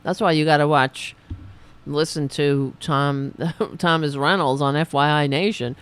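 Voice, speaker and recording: Raspy woman host ranting about the news, sarcastic and swearing, slow drawl. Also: deep voice, steady tone. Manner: sarcastic, profane, reads news then riffs. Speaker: political commentary host. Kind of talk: ranting political commentary.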